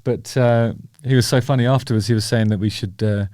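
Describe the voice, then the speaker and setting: A man's voice: mid-range voice, steady tone, fairly quick, darkish tone, no room sound. Guy rambling wryly about a gig, medium voice, dead dry sound. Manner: chatty, wry, self-deprecating, rambling with fillers. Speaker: host. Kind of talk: casual talking-head commentary.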